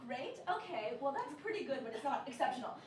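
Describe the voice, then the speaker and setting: A woman's voice: high-pitched, big pitch swings, quick pace, echoey room, recorded from a distance, over a noisy crowd. A woman playing an unhinged bank robber who holds hostages to rehearse a puppet show, lurching between bossy threats and needy politeness in a live stage comedy. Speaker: comedian in a solo character show. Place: theatre stage with a laughing audience.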